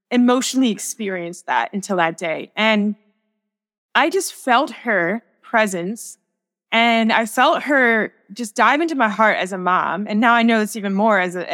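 A woman's voice: fairly high pitch, a bit bright, in a large hall. A young woman, a sacred artist, speaking as a guest in a podcast interview, telling a personal faith story in an earnest, reflective way with many restarts.

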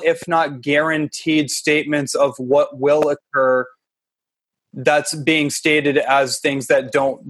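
Brief: male podcast host, thoughtful and questioning, slightly raised pitch, dry close recording. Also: no room sound. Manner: reflective, asks rhetorical questions. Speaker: interview host. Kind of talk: conversational interview.

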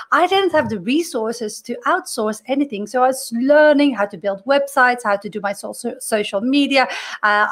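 A middle-aged woman with a slightly high voice, whose first language isn't English, speaks in a podcast monologue. She's a career coach earnestly working through a personal story, frequently restarting her sentences.

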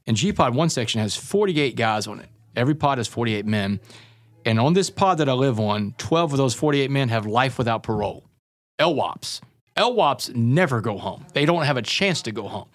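Man, podcast guest, earnest storyteller, keeps saying man and brother, mid-pitched voice, dry sound. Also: lively intonation, moderate pace, no echo. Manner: earnest, intense, says "man" and "brother" often. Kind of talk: storytelling interview.

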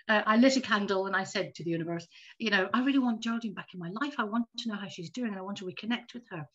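A woman in her fifties telling a personal story in a casual, animated chat as a podcast guest. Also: medium pitch. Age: 50s. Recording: dull lo-fi audio.

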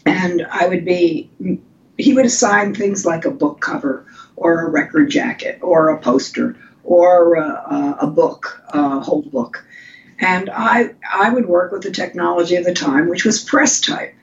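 Older woman, lowish voice, lively storytelling with restarts, lo-fi podcast audio. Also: unhurried. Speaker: guest designer. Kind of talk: conversational interview. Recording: lo-fi with faint rumble.

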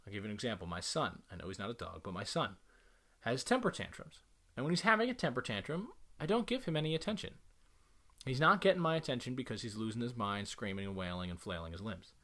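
A man's voice: mid-range voice, expressive, fast talker, sharp tone. A man who is a parent, giving direct, emphatic instructions on dog training to the camera and repeating the key points.

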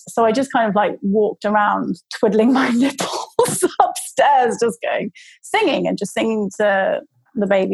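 Gravelly, rambling woman. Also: medium pitch, measured pace, darkish tone, dry recording, rough recording. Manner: rambling, many fillers and restarts. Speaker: guest telling her birth story. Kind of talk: casual storytelling.

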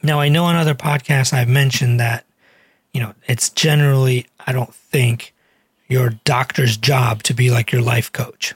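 A man's voice: medium pitch, fairly even intonation, normal speed, husky, no echo, clean studio sound. A man who is a cardiologist and weight loss doctor, telling a patient story in a chatty, earnest podcast manner. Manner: earnest, chatty, many fillers.

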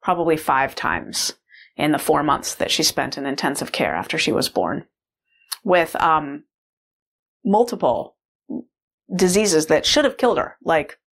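A woman's voice: sits low, expressive, unhurried, gravelly, pauses often. A middle-aged mother telling a personal story in a casual, rambling way, full of "like" fillers. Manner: rambling, heavy use of "like" fillers.

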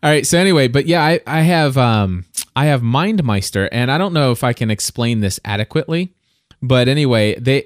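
A man's voice: mid-range voice, no room sound, clean studio sound. Rambling male tech podcast co-host. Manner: rambling, self-interrupting, playful. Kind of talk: casual tech podcast chat.

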